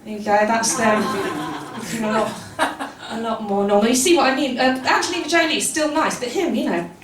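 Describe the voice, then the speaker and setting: A young woman does a stand-up set, her voice high and chatty, wandering through asides with plenty of ums. She is picked up from a distance in a roomy live venue, so her words carry an echo. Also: a little fast, background noise. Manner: chatty, rambling, self-deprecating with many ums and laughs. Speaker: stand-up comedian. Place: live comedy venue with an audience.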